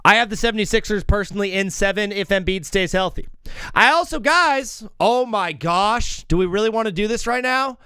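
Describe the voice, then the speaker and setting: A man hosting a live sports comedy call-in stream, bantering with callers in an energetic, joking, rambling way. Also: high voice, fairly quick, clear, resonant tone, dry recording.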